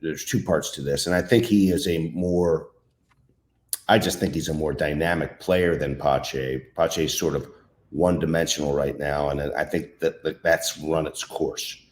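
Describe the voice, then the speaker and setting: A man giving casual baseball analysis on a sports talk show, halting and opinionated, with frequent restarts. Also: extremely low pitch, fairly even intonation.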